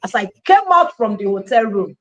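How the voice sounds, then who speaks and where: As an interview guest, a Nigerian woman gives a personal testimony of her life, an animated storyteller who acts out quoted dialogue and slips into Pidgin. Her voice is mid-range at normal speed.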